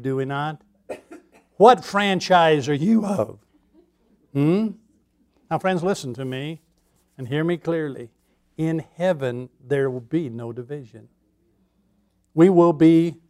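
A man pastor preaching a sermon in a conversational way, putting questions to his congregation. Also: on the high side.

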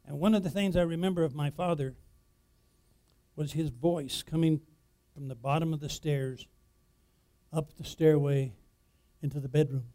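A pastor preaches an emphatic sermon, asking the congregation rhetorical questions and swinging between loud declarations and quiet asides. His voice is on the high side. He keeps a moderate pace with long pauses.

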